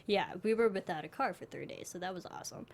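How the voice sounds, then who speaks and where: A woman's voice: medium pitch, fast, gravelly. Bubbly woman co-hosting a movie chat. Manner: bubbly, laughs often, trails off mid-sentence. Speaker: co-host reviewing TV movies. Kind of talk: casual review chat.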